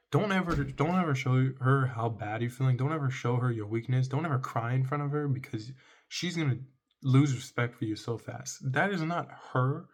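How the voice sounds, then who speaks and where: Blunt rambling man, mid-pitched voice. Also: moderate pace. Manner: rambling and blunt, keeps asking "right?"; swears casually. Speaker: vlogger. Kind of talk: casual dating-advice monologue.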